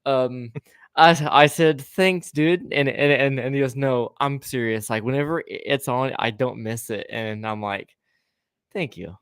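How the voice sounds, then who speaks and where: A man's voice: mid-range voice, unhurried, a bit bright, clean tone, no echo, studio quality. A young man hosting a casual podcast livestream, playful, laughing often and tripping over his words. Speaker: podcast host.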